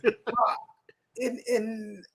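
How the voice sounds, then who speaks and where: A man's voice: sits high, flat delivery, drawn-out words, vocal fry, heavy background noise. A man co-hosting a casual talk stream, mostly giving short encouraging replies and questions. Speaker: co-host. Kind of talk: casual chat.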